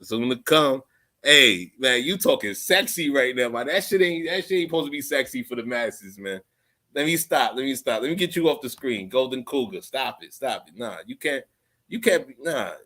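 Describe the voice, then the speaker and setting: A man hosting his own livestream, ranting off the cuff with heavy profanity. His pitch rides up and down with a lively, animated swing. He drops to mutters, then bursts out loud, repeating lines as he goes. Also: normal speed. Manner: profane, rambling, repeats phrases. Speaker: livestream host. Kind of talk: unscripted livestream rant.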